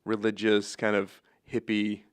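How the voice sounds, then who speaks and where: A man's voice: lowish voice, completely flat delivery, unhurried, clear, resonant tone, no room sound. A young man co-hosting a podcast, joking and chiming in with short agreements during a casual TV recap. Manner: jokey, chimes in short agreements. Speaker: podcast co-host.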